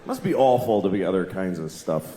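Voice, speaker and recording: Sardonic, animated male stand-up comedian. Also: deep voice, fairly quick. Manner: sardonic, animated, slipping into yelped character voices. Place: comedy stage before a live audience. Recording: echoey venue with audience noise.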